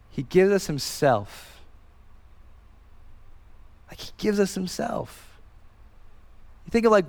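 This pastor, a man in his thirties, has a high, smooth voice. He delivers his sermon in an earnest, chatty manner with plenty of fillers and restarts, recorded in a hall with lots of reverb.

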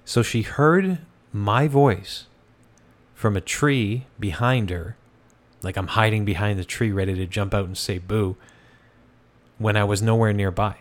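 A man with a fairly low voice tells a ghost story in a loose, conversational way. He stops and restarts often and fills the gaps with "uh" and "kinda". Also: measured pace. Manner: relaxed, conversational, many fillers and restarts. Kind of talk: casual storytelling.

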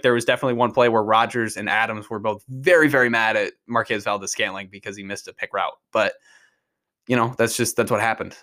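A man talks through last weekend's football in a casual, unscripted way. He tumbles over his own sentences and doubles back whenever a play excites him. His voice sits in an ordinary middle pitch. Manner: rambling, restarts often, excitable about plays. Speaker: podcast host. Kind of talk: casual sports analysis.

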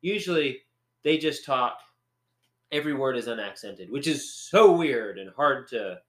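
Bright-voiced man chatting casually. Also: mid-range voice, lively intonation, unhurried, roomy sound. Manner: rambling, joking, playful. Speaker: podcast co-host. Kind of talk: casual chat.

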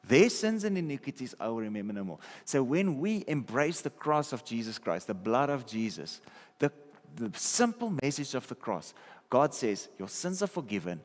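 A man's voice: mid-range voice, very animated, normal speed. Man preaching in a reverberant hall. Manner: conversational, checks in with listeners often. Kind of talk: sermon. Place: church hall.

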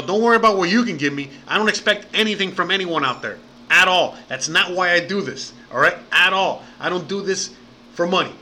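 A man's voice: a little high, pushed and bright, slight background noise. A man hosting a casual livestream, rambling and profane, saying bro and man a lot. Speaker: livestream host.

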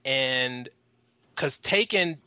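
A man on a casual podcast, speaking excitedly with halting restarts. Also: mid-range voice, clean tone, dry recording. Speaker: podcast co-host.

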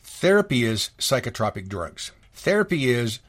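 A man's voice: mid-range voice, big pitch swings, normal speed. Indignant rambling man ranting solo. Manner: indignant, rambling, sarcastic, with restarts and sudden rises. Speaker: podcast host. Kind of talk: ranting solo podcast monologue.

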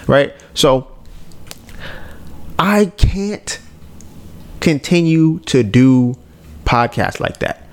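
A podcast co-host rambles in a laid-back, fairly monotone way, correcting himself and cursing as he goes. His voice sits on the high side at a moderate pace.

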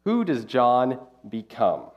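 A man preaching a conversational, animated Bible-teaching sermon as pastor. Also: mid-range voice, takes it slowly, dull audio.

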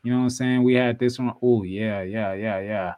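A man's voice: fairly low pitch, fairly even intonation, moderate pace, darkish tone, no echo. A young man co-hosting a wrestling podcast in casual, playful chat, repeating himself as he talks. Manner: laid-back, repeats himself, playful teasing. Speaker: podcast co-host.

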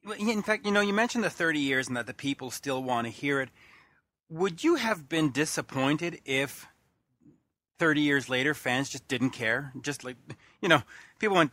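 Male host, higher bright voice, dry studio sound, winding questions. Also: moderate pace, no echo. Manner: long winding questions with repetitions. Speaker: interviewer. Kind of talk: radio-style interview questions.

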